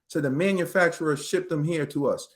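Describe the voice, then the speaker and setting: A boxing talk show co-host with a fairly high voice speaks a little fast. His storytelling is casual, animated and full of slang, and he performs the quotes as he goes.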